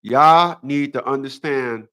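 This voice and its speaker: A man's voice: medium pitch, slow pace, bright, forceful tone, clear, resonant tone. A man hosting a relationship advice show, delivering a preachy solo monologue full of repeated rhetorical questions and emphatic short phrases.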